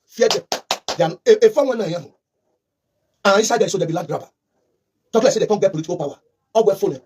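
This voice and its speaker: Husky, fast-talking Nigerian man. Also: sits high, darkish tone. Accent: Nigerian, with Nigerian Pidgin. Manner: fervent, rambling, repetitive. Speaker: political commentator. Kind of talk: impassioned political commentary.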